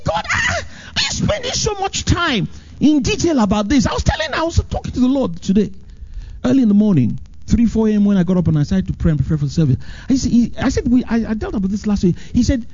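A man preaching as pastor alternates between high, urgent emphasis and slow, low phrases in an animated style. His mellow, slightly husky voice sits a little above average pitch for a man, and the recording is muffled and lo-fi.

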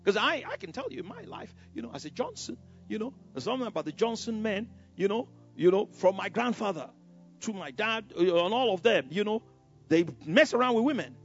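Male pastor, animated storytelling sermon, husky high voice, dull lo-fi recording. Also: brisk. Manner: animated storytelling preacher, full of "you know" asides, stammers. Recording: dull lo-fi sound with faint music.

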